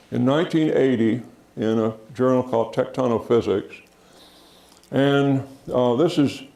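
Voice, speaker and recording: A man giving a public science lecture in a theater, unhurried, with frequent fillers and restarts. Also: mid-range voice, gravelly, dark tone, echoey room, low-quality recording. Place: theater auditorium.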